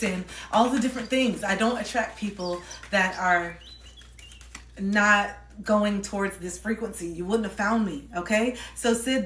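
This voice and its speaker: A woman's voice: mid-range voice, fairly bright tone, echoey room, distant mic, slight background noise. A woman giving a live tarot reading to viewers. She sounds intimate and reassuring, repeats her key phrases and keeps checking in with "okay?". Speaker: tarot reader.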